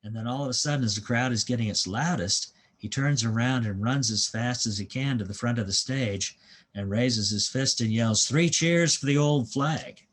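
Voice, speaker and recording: A guest historian and author gives a history lecture at a museum, telling the story slowly and filling pauses with frequent "uh"s. His voice is medium-pitched and a bit bright.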